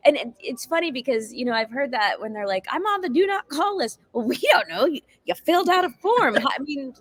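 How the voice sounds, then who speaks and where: Woman, a bit high voice, casual guest, relaxed storytelling. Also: brisk, no room sound. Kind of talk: casual chat.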